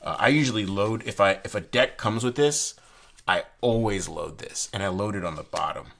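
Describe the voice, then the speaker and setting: A man's voice: fairly low pitch, normal speed, creaky, fairly bright tone. A man casually reviewing a deck of playing cards and explaining a trick, rambling with frequent restarts and bursts of enthusiasm.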